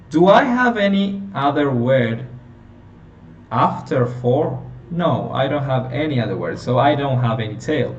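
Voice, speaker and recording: A man teaching a phonetics lesson, explaining slowly and checking in with his listeners. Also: mid-range voice. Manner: slow, explanatory, checking in with "okay?". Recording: roomy, distant, dull lo-fi sound with faint hiss.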